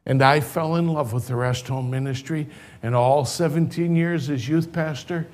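An older man, a pastor, telling a personal story in a sermon, animated at first and later quiet and tender. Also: fairly high pitch, normal speed.

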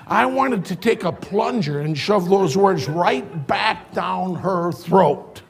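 An older man, a pastor, telling a personal story in a sermon, animated at first and later quiet and tender. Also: high-pitched, slow, creaky, breathy edge.

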